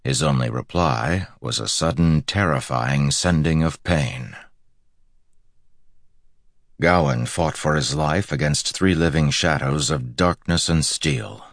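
A man narrating a fantasy audiobook in a steady, measured storytelling manner. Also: a bass voice, creaky, dry recording, studio quality.

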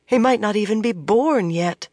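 A narrator giving a measured, expressive reading of a novel. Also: medium pitch, no echo, studio quality. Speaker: audiobook narrator. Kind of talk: scripted narration.

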